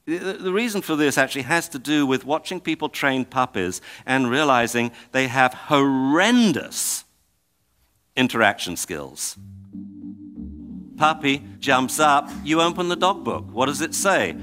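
A man's voice: medium pitch, very animated, measured pace, fairly bright tone, soft background music. A man giving a public talk, emphatic and exasperated as he tells examples.

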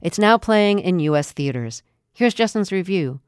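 A woman radio host with a low voice reads her intros in a measured, composed way. The studio sound is dry and close. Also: expressive, darkish tone, clean tone, no echo. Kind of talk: radio interview and scripted intros. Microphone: studio microphone.

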